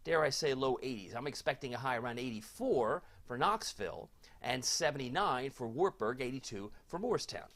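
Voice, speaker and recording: A man delivers a live weather forecast, chatty and folksy, chatting with his viewers as he goes. His voice swings up and down with lively inflection, and he talks at a middle pitch. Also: fairly quick. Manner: chatty, folksy, reads viewer comments aloud.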